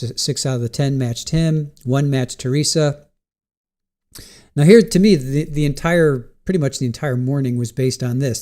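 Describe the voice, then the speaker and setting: In a warm, mid-range voice, a live trial commentary host talks through testimony on a casual stream, restarting sentences as he goes and answering questions from chat.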